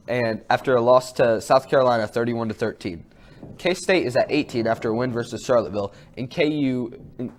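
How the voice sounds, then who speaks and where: A teenage boy reads a sports segment from a script for a student news show. His delivery is dry and steady, with a mid-pitched voice.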